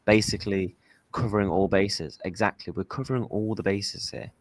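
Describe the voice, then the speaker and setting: Guy hosting a fan stream, lowish voice, dry close mic, keeps saying the same point again. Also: steady tone, moderate pace, dry recording. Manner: talks to viewers directly, repeats himself a lot. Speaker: fan channel host. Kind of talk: casual football fan stream chat.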